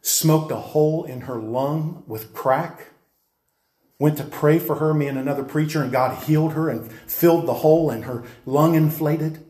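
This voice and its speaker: A man preacher telling a dramatic testimony in a fairly high voice, emphatic and insistent and acting out each moment. His voice rings through a roomy, echoing space. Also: moderate pace, dark tone. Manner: emphatic, insistent, acts out scenes. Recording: roomy echo.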